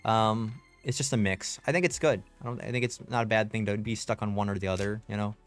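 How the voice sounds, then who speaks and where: A man's voice: lowish voice, fairly even intonation, fast, soft background music. A man streaming a game, chatting in a laid-back, slangy way as he plays. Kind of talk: casual gameplay commentary.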